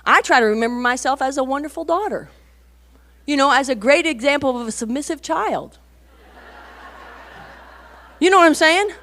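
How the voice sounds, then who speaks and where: A woman's voice: high voice, normal speed, pauses often, slight background noise. A woman in her forties giving a conversational sermon to mothers and teenagers, telling stories with frequent rhetorical asides and emphatic bursts. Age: 40s. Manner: animated storytelling, rising to emphatic bursts. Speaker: women's conference speaker.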